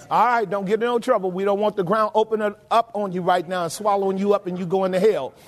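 A man pastor delivering a sermon, questioning the congregation, shouting some lines and dropping to a low murmur on others. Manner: preaches with shouted emphasis and sudden drops to a low murmur.

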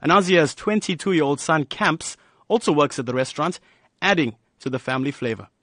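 A man narrating a scripted radio news feature in an even, polished delivery. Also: fairly high pitch, a little fast, no room sound, clean studio sound.

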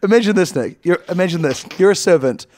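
A man with a slightly high voice riffs in a loose, comedic podcast conversation. He rambles, restarts and breaks into laughter often. The sound is dry and close, with no room around it. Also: expressive, quick pace, a little mellow, dry recording. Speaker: podcast co-host. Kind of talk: casual comedic chat.

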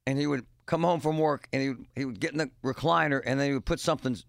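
A man's voice: mid-range voice, fast, gravelly, dry recording, clean studio sound. A middle-aged man hosting a radio show, rambling and joking in a casual monologue with punchy exclamations.

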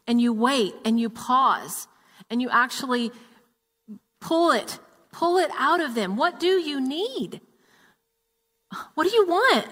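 A woman's voice: high voice, a bit bright, big-room sound. A woman co-preaching a sermon, chiming in with affirmations and adding her own points. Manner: chimes in with affirmations. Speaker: co-pastor.

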